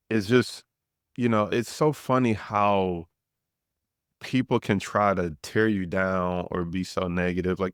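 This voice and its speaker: A man's voice: lowish voice, no echo, clean studio sound. A man hosting a podcast interview, telling a story with heated, rising intensity. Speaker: podcast host and trading educator. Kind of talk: impassioned conversational interview.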